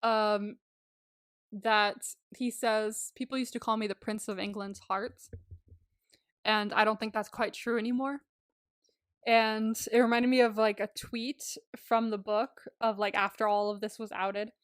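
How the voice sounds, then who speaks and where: A woman's voice: mid-range voice, measured pace, clear, resonant tone, no room sound, studio quality. A woman co-hosting a podcast, chatting casually and animatedly, laughing often and acting out lines as she recaps. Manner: animated and giggly, acting out quotes; swears freely. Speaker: podcast co-host. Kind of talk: casual chat recapping a movie.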